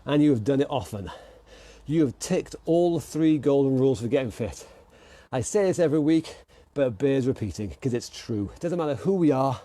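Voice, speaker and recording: A man's voice: medium pitch, warm tone, dry recording. A man coaching an online workout class, calling out moves and counting down with upbeat encouragement. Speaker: fitness instructor.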